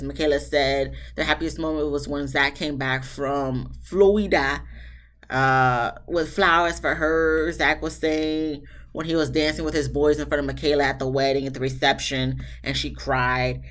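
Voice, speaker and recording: Low-voiced woman recapping reality TV. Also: steady tone, moderate pace, a bit bright. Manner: chatty, candid, breaks off to vent at the cast. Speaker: TV show reviewer. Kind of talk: casual reality-TV recap commentary.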